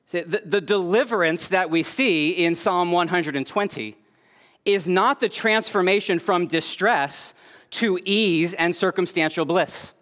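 High-voiced male preacher, earnest. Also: measured pace. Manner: earnest, builds to emphatic peaks then drops soft and low. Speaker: pastor. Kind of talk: sermon.

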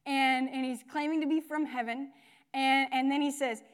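A young woman gives a relaxed, chatty sermon, full of fillers, asides and quick self-corrections. Her voice sits high. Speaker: speaker at a church gathering. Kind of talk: casual sermon.

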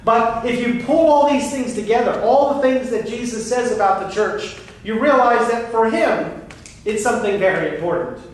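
A man's voice: very high-pitched, normal speed. A man, a pastor, preaching an earnest, emphatic sermon with frequent restarts. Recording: very echoey room, voice far from the mic, faint noise.

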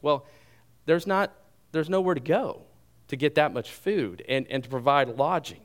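A pastor preaching a sermon to his congregation, retelling the story in an animated way and mixing in humor and asides. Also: a little high, normal speed, long pauses.

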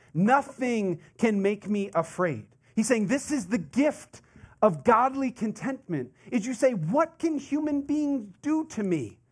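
A man preaching a sermon in a conversational, animated way, full of asides and rhetorical questions. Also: sits high. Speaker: pastor.

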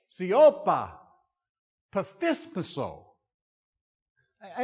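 A middle-aged male pastor preaching a sermon in an expressive, conversational and self-deprecating way. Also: fairly high pitch. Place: church sanctuary. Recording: long reverb of a large hall.

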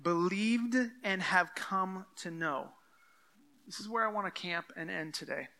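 Bright, high-voiced pastor preaching conversationally. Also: male voice, a little slow, creaky. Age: adult with children. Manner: conversational, reads scripture aloud and acts out quoted voices. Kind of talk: expository sermon.

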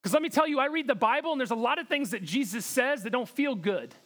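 A man's voice: very high voice, expressive, fast talker, a bit bright. A man preaching a sermon in an earnest, direct way, often repeating words for emphasis. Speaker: pastor.

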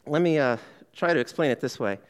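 A man's voice: fairly high pitch, animated, fairly quick, slight background noise. A male pastor giving a sermon in a conversational way, posing questions to the congregation and answering them himself, with frequent "okay"s. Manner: frequent "okay" fillers and restarts.

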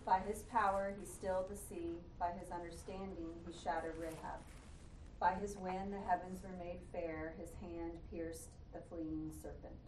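A woman's voice: on the low side, fairly even intonation, moderate pace. Woman reading scripture from across an echoey room. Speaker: class member reading scripture. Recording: echoey room, far from the mic, faint hum.

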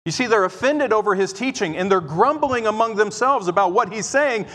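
A man preaching a sermon, swinging between loud exclamations and quiet, explaining asides. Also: high voice, expressive, a little fast, hardly any pauses. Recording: long reverb of a large hall.

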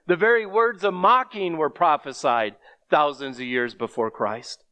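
A man's voice: a little high, expressive, normal speed, pushed and bright, dry recording. A man preaching a sermon with earnest delivery, reading scripture aloud to his congregation.

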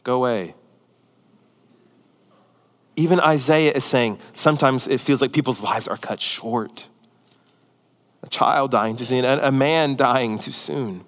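A pastor preaching a sermon, a man who swings between loud, excited emphasis and hushed, near-whispered lines. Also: medium pitch, unhurried, pauses often, long reverb tail.

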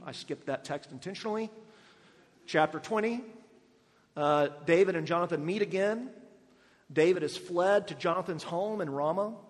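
A man preaching a sermon, with emphatic rhetorical questions and sudden drops to a quiet voice. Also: fairly high pitch. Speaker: pastor. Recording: long hall reverb.

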